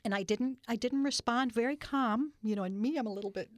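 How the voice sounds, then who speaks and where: An older woman telling stories in an interview, earnest and halting with many restarts. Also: a little high, no echo, clean studio sound. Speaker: guest. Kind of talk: storytelling in a podcast interview.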